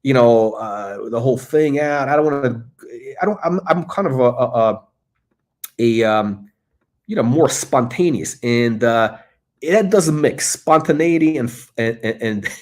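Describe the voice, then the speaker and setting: A man hosting a live stream talks casually at an ordinary middle pitch. He rambles with frequent fillers, repeated words and restarts. His voice comes through a computer mic. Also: animated, unhurried, darkish tone. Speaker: host. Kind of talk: casual livestream chat.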